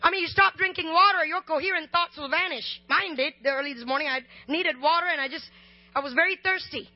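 A woman preaching a sermon, chatting and joking before rising into loud, slow shouted lines. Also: extremely high pitch, no room sound. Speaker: guest preacher. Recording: slightly dull, dry sound.

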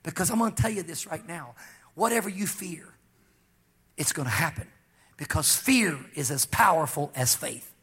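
A pastor preaching, telling a personal story and pressing key lines with slow, emphatic rises. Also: male voice, a little high, animated, fairly bright tone, slightly rough. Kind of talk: sermon testimony.

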